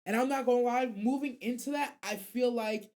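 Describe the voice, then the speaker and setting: Woman host rambling about anime, slangy, swears a lot, kinda high voice. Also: normal speed, darkish tone. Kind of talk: casual anime radio chat.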